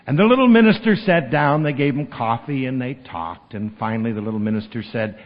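A man telling a long story at a recovery meeting, animated and acting out the people he quotes. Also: mid-range voice, fairly quick, few pauses. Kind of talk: storytelling talk. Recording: dull lo-fi recording with long hall reverb.

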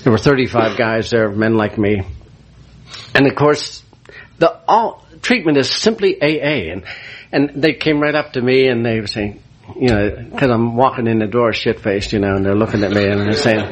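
A man's voice: on the low side, normal speed, a little hiss or hum. A man, a priest, giving an emotional personal testimony about his recovery. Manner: emotional, animated storyteller.

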